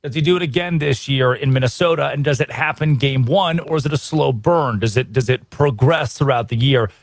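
An American man hosting a sports talk show, energetic and opinionated, full of rhetorical questions. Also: medium pitch, a little fast, no room sound. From United States. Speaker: radio sports host.

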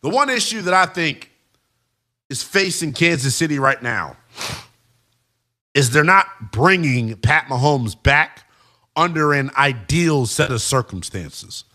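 A man's voice: on the high side, slow. A man giving an emphatic football analysis monologue, talking straight to his viewers. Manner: emphatic, animated, addresses viewers as guys and y'all. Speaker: sports commentator.

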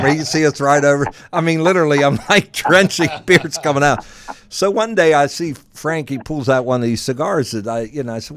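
A man's voice: mid-range voice, a bit bright, dry recording. A man hosting a casual podcast, telling rambling stories with lots of fillers and chuckles. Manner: rambling storyteller, many fillers and laughs. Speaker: podcast host. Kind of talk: casual chat.

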